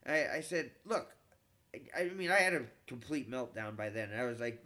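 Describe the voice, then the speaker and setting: A middle-aged man, a comedian, telling a long story in a casual, animated, profane way, with frequent stammered restarts. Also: medium pitch, normal speed.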